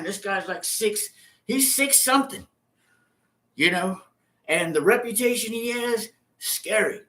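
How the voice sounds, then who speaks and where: Telling his own story casually, a man in his fifties who spent time in prison speaks at a measured pace in a fairly high voice, sharp in tone with lively intonation. He's profane and repetitive, acting out the scenes with sound effects.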